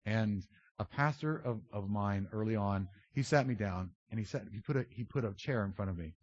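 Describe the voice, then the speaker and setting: Loud animated male preacher, dull dry sound. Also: moderate pace, no echo. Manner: animated, swings from loud outbursts to low confiding tones; self-described loud and obnoxious. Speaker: pastor. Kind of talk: sermon.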